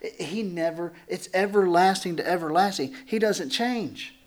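A man's voice: high voice, moderate pace. A pastor stands before his congregation in a church and teaches through scripture in an easy, conversational way. He is a man with a slightly raised voice, and he drops into little acted-out voices, then trades jokes with the listeners. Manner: animated, acts out dialogue, jokes with the congregation.

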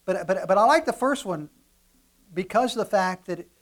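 A male pastor preaching a sermon, animated, moving from quiet asides to loud emphatic lines and repeating words as he restarts. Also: high voice, normal speed.

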